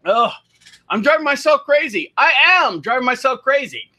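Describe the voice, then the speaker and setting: A man's voice: extremely high pitch, big pitch swings, moderate pace, sharp tone, dry recording. A man hosting a casual solo talk show, rambling through topics with jokey asides and frequent restarts. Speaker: podcast host. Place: radio studio.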